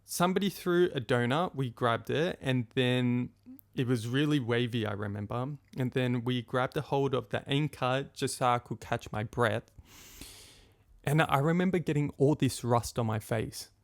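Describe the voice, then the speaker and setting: Young male podcast host, gravelly voice, dry close recording, animated storyteller who acts out the quotes. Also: medium pitch, moderate pace, dry recording. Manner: animated, acts out quotes of friends and his own past thoughts. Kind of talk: personal storytelling monologue.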